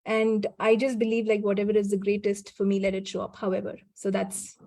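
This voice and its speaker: A woman guest in a casual conversation, speaking reflectively with frequent restarts and soft laughs. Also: medium pitch, completely flat delivery, a little fast, no echo.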